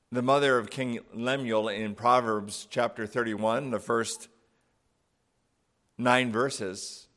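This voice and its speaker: A man leads a sermon from home for people gathered online. He speaks in a measured, plain way at a middle pitch, with an easy "uh" here and there. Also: a bit bright. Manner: plain, measured delivery with fillers. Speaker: preacher.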